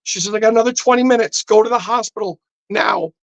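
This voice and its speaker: A podcast guest in a studio tells a personal story intensely during casual chat, acting out the dialogue as he goes. His voice sits high, gravelly and quick, on a low-quality recording with no room sound.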